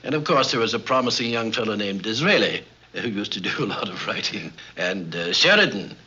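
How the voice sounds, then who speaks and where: Genial older Canadian man, bright voice. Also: fairly low pitch, lively intonation, slightly rough. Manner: genial, witty storyteller with frequent "uh" pauses. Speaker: interview guest, member of Parliament. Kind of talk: formal anecdotal interview. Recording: dull lo-fi 1950s film sound.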